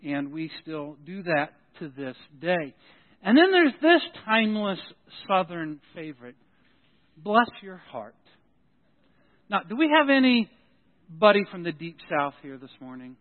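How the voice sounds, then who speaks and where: A man's voice: sits high, big pitch swings, moderate pace. A man preaching a sermon as pastor of his church, folksy and joking, often restarting his sentences. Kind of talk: sermon with announcements. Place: church sanctuary. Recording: tinny phone-like sound in a reverberant hall.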